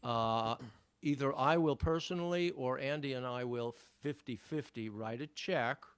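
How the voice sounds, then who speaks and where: A man with a New York accent speaks in a measured, well-spoken way as a podcast guest, now and then choosing formal words. His voice sits at an ordinary male pitch, and the recording is close and dry, with no room sound. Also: clear, resonant tone, no echo. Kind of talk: casual interview chat.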